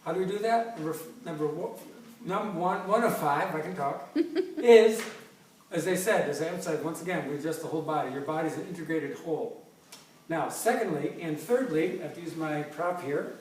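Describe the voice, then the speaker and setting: A man's voice: fairly high pitch, expressive, a little fast, a little mellow. A man in his fifties working as a chiropractor, giving an enthusiastic, jokey presentation with props, often restarting his sentences. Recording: echoey room, distant mic, faint noise.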